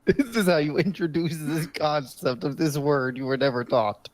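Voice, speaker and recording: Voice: mid-range voice, normal speed, dry recording. A podcast co-host in casual chat, blunt and dismissive, often repeating to clarify.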